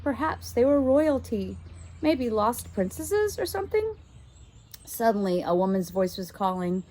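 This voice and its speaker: A woman teacher reading a children's chapter book aloud, expressive and now and then stopping to work out a word. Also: fairly high pitch, measured pace. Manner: expressive, stops to puzzle out words.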